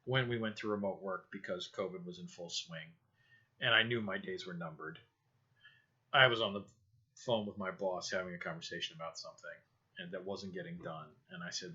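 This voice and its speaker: A man hosting his own podcast alone, telling stories in a profane, sarcastic way and swinging between loud outbursts and mutters. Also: fairly low pitch, lively intonation, fairly quick, lo-fi sound. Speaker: podcast host. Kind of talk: casual solo podcast monologue. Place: home room, low-quality setup.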